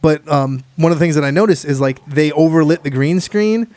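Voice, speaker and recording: A man's voice: on the high side, a little fast, a little mellow, dry recording. Man, from hawaii, podcast host, rambling, restarts, dry close mic. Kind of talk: casual podcast chat.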